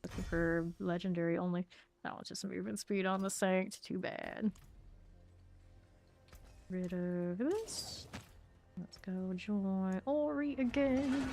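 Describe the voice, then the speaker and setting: A woman's voice: mid-range voice, takes it slowly, creaky, long pauses, a little mellow. A woman streamer chatting casually and thinking aloud while she sorts loot during gameplay commentary.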